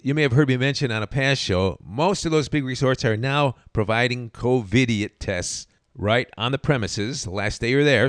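A man's voice: medium pitch, no echo, clean studio sound. A man hosting a podcast, telling stories in a wry, sarcastic monologue. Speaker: podcast host.

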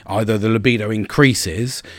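A man's voice: on the low side, steady tone, normal speed, dry recording. A middle-aged man hosting a podcast, talking candidly and bluntly in a casual monologue, swearing often and repeating words as he starts sentences. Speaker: podcast host.

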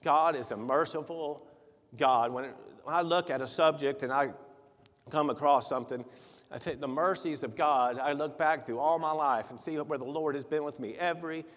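A man preaching a sermon in a church, soft-spoken at first, then louder and livelier with chuckles. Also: fairly high pitch, moderate pace. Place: church sanctuary. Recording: long hall reverb.

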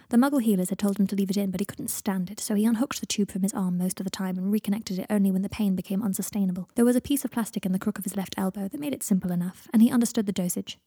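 A woman narrating a fan fiction audiobook in a steady, measured reading voice. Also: medium pitch, slightly rough, no echo, studio quality.

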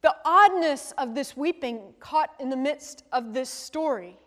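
A woman pastor gives a conversational sermon, often checking in with the congregation through teacher-like tag questions. Her voice is high-pitched, expressive, and a little slow, with the long reverb of a large hall.

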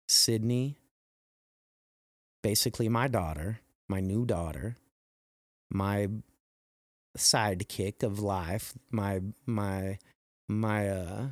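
A middle-aged man hosting a motivational podcast. He speaks slowly and earnestly, rambles and restarts, and his voice jumps high when he quotes people. The recording is close and dry. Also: dry recording. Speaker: podcast host.

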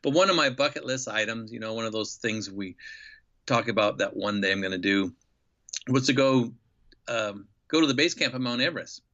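A man's voice: mid-range voice, normal speed, sharp tone. A man recounting a travel memory as an interview guest, thoughtful and enthusiastic, with lots of fillers and restarts. The audio is a little dull and lo-fi. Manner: enthusiastic, reflective storyteller with many fillers. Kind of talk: storytelling in a podcast interview.

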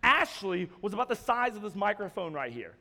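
High-voiced young man preaching, hall reverb. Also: a little fast, gravelly. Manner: energetic, jokey storytelling, swings from quiet to loud. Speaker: youth pastor. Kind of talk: animated sermon with acted-out dialogue. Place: church hall.

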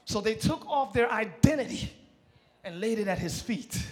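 A male pastor preaching a live church sermon, exhorting and shouting to the congregation, then dropping into quieter conversational asides. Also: high-pitched, animated, normal speed. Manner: drops to a quiet conversational tone between shouted passages. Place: church sanctuary.

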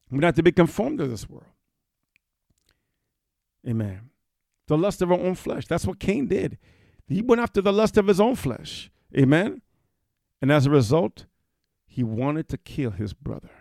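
A man's voice: creaky, dry recording, studio quality. A man preaching a fiery sermon, scattering amen and hallelujah and reading scripture in King James wording. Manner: peppers speech with amen and hallelujah; swings between loud exhortation and low murmured reading.

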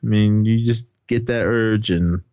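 Male podcast co-host, low voice, casual film recap, dry lo-fi mic. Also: fairly even intonation, unhurried, dark tone, no room sound. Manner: retells scenes loosely, acting out lines, laughs often. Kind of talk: casual movie recap chat.

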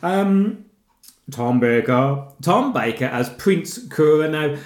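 A man with a Birmingham accent talks through an old film in casual podcast chat. His voice sits a little high and swings lively up and down, with frequent laughs. The room around him is echoey. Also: slow pace. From Birmingham, England. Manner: chatty, laughs often, rambling asides. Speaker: podcast co-host.

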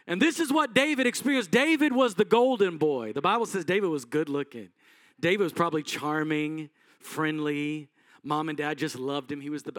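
High-voiced man preaching a sermon. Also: animated, normal speed, a bit bright, no echo, studio quality. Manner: conversational storytelling, quizzes the congregation. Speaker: pastor.

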